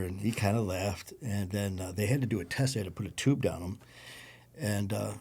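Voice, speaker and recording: A man with a Detroit accent, a podcast guest recounting a personal story in a low-key, conversational way. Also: a little fast, dark tone. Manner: gravelly, low-key storytelling with acted quotes.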